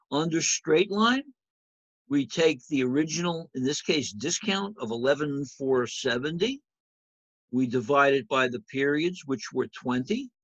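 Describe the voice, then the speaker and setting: An accounting instructor with a slightly high voice lectures over slides, speaking conversationally and tossing rhetorical questions at the class. The recording is rough but has no echo.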